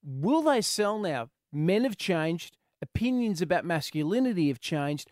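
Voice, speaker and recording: A man's voice: high voice, very animated, measured pace, darkish tone, no echo, studio quality. A man with an Australian accent hosting a radio show, joking and telling stories between callers. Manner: jokey, laughing storyteller. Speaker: radio host. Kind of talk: casual radio chat.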